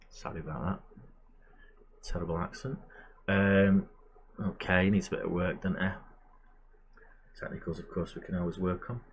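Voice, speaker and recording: A man's voice: on the low side, a little mellow, breathy edge. A man giving casual, chatty commentary while playing a management game, muttering asides to himself. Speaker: gamer and channel host.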